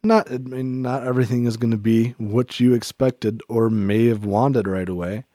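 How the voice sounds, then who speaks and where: A man's voice: medium pitch, fairly even intonation, moderate pace, dark tone, no echo, studio quality. A man talking through his thoughts in a casual faith-themed chat, rambling and reflective, filling his speech with "like" and restarting sentences.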